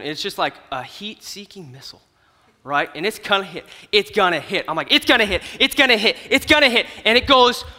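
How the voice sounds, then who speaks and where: A young man giving a comedic storytelling sermon at an event, animated and swinging from hushed to loud. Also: sits high. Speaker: youth speaker at an event. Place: large hall at an event. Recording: hall reverb from a stage.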